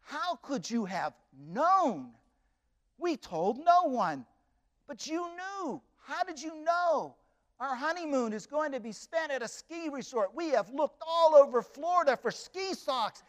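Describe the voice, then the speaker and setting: A man's voice: very high voice, wildly swooping pitch, extremely slow, fairly bright tone, full character voice. A man reading out a letter in the voice of an overjoyed young newlywed granddaughter, gushing with praise.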